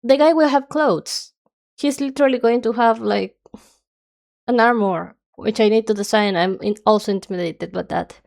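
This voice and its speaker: A woman's voice: fairly high pitch, normal speed, vocal fry, darkish tone. A young woman streamer chatting casually and rambling nonstop while she draws, her nose stuffy. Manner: rambling, chatty, self-described yapping.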